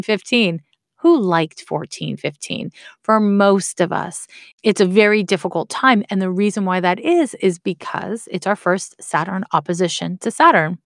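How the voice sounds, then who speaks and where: A woman's voice: mid-range voice, dry recording. Woman chatting about astrology, blunt and wry, swears a bit, dry close sound. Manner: candid, swears casually, wry asides. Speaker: astrology teacher. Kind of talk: casual explanatory talk.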